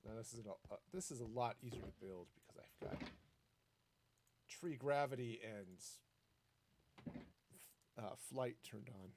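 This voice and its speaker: A man's voice: unhurried, pauses often, background noise. A man streaming a building game, chatting in a rambling, easygoing way as he plays. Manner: chatty and rambling, lively swings in pitch. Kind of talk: casual gameplay commentary.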